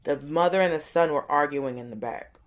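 A woman's voice: sits low, fairly quick. A young woman in casual conversation, telling stories animatedly, acting out quotes and swearing freely. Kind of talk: casual chat.

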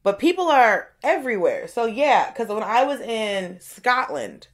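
A woman's voice: fairly high pitch, very animated, unhurried. A young woman in casual conversation, telling stories animatedly, acting out quotes and swearing freely. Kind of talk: casual chat.

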